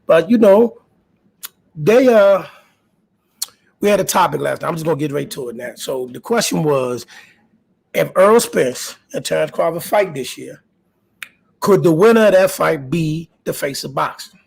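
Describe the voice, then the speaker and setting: Man, boxing stream host, gravelly, husky, fairly high voice, animated. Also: moderate pace. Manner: animated, repeats himself, talks to chat viewers. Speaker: host of a boxing talk livestream. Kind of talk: casual live-stream talk.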